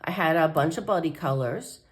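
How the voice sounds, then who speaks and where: A woman's voice: low voice, expressive, normal speed. Stuffy-nosed woman chatting. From United States. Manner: chatty and rambling, with many ums and restarts. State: nasal, stuffy from a cold. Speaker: coloring channel host. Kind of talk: casual chat to camera.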